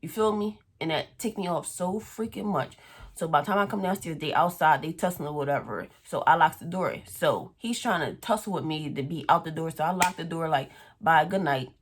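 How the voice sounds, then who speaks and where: Young woman vlogger, lower voice, chatty and profane, spilling a story to her viewers. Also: animated, a little fast, slightly rough. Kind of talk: casual storytime vlog.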